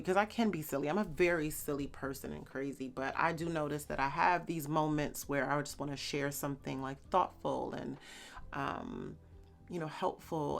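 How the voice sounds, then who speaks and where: Low, gravelly-voiced woman vlogger. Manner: chatty and heartfelt, with frequent fillers. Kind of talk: casual talk to camera.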